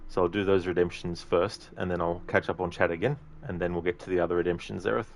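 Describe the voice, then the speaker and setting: A man's voice: low-pitched, fast talker, vocal fry, a little hiss or hum. A man streaming a video game, chatting casually and reading out chat messages. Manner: relaxed, rambling, reads chat aloud.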